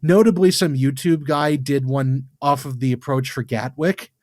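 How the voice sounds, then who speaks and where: A man's voice: medium pitch, fairly even intonation, moderate pace, darkish tone, no echo. A man co-hosting a casual podcast, correcting his co-host and steering the talk back on track. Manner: dry, corrective, keeps things on track. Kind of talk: casual chat.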